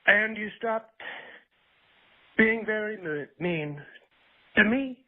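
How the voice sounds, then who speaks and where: This is a so-so impression of a public figure, put on by an unseen speaker. It pleads in slow, halting phrases. The sound is thin and tinny, as if over a phone line. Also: mid-range voice. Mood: pleading.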